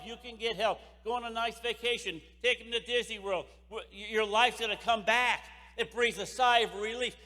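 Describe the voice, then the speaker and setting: A man with a high, bright, forceful voice delivers a passionate motivational keynote at a sales convention. He keeps repeating phrases to drive home his points, and the recording carries an echoey hall reverb.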